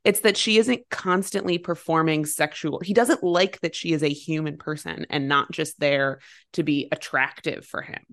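A woman's voice: deep voice, normal speed. A woman in her thirties co-hosting a podcast, chatting casually and acting out quotes as she tells stories. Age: 30s. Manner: animated storytelling, acting out quotes. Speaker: podcast co-host. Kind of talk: casual chat.

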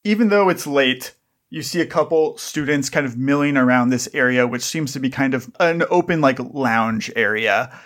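A man's voice: mid-range voice, normal speed, fairly bright tone. A man narrating a tabletop game as game master, in a loose, casual way with many fillers.

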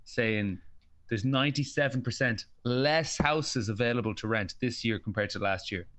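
A man's voice: mid-range voice, normal speed, a bit bright. A man with an Irish accent chatting on a podcast, wryly explaining and clarifying points. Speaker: podcast host. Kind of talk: casual podcast chat. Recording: slightly dull lo-fi sound.

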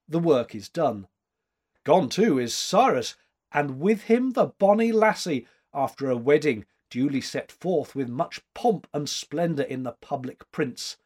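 Husky male storybook narrator. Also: mid-range voice. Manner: measured, expressive storytelling. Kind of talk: audiobook narration.

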